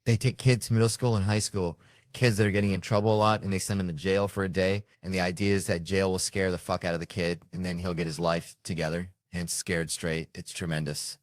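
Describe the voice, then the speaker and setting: A man telling a comic story on stage, animated and profane, full of exaggeration. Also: sits low, fairly quick, no echo. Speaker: stand-up comedian.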